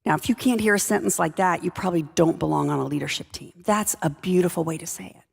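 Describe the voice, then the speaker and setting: Woman speaker, low gravelly voice, wry conversational storyteller, echoing hall. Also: fast talker. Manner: conversational, wry anecdotal delivery. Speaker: leadership speaker. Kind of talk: storytelling talk. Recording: long reverb of a large hall.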